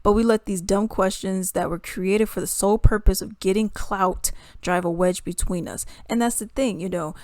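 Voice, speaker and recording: A woman giving a casual commentary rant to her viewers. She sounds animated and exasperated and laughs between points. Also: mid-range voice, normal speed, few pauses, no echo. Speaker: commentary vlogger.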